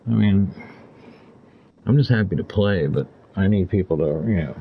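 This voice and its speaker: Gravelly deep-voiced man in his fifties. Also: moderate pace, phone-quality sound. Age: 50s. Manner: rambling, talkative, laughs often. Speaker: gaming streamer. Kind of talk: casual chat over gameplay.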